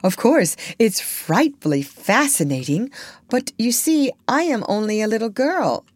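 A woman's voice: mid-range voice, expressive, measured pace, no echo, studio quality, voice pushed up. A woman reading an audiobook, voicing an earnest little girl who speaks in a prim, motherly way. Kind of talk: audiobook character voice.

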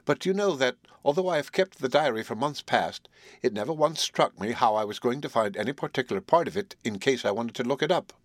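A male audiobook reader playing an awkward, flustered doctor who speaks haltingly. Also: medium pitch, animated, no room sound, studio quality, close to an everyday voice. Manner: halting and embarrassed. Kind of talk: audiobook character voice.

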